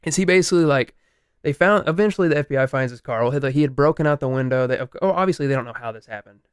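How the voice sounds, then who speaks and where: A young man co-hosting a podcast, retelling a story in casual chat, animated, swearing and laughing. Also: mid-range voice, rapid-fire, smooth, no echo, clean studio sound. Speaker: podcast co-host.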